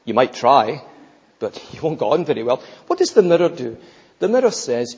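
A man preaching a sermon emphatically, building to fervent peaks and dropping low. The sound is dull and lo-fi in a large church with long reverb. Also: very animated, normal speed, a little mellow, slightly rough.

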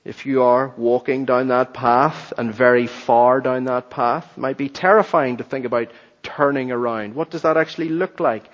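A man's voice: mid-range voice, steady tone, moderate pace, in a large hall. A man preaching a sermon in an earnest, emphatic way, on a dull lo-fi recording. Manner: earnest, emphatic, addresses children too. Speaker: pastor.

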